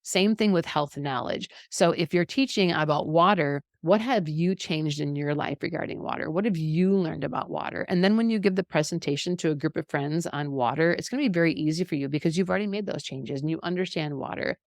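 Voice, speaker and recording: A middle-aged woman giving an animated, encouraging faith-based health lesson, laughing often. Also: low voice, a little fast, hardly any pauses, no echo, studio quality. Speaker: health educator. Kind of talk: faith-based teaching talk.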